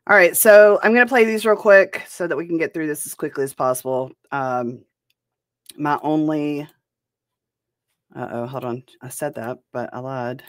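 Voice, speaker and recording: A woman's voice: low-pitched, normal speed, dry recording, studio quality. A woman hosting a reaction commentary show, talking in a blunt and profane way. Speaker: host.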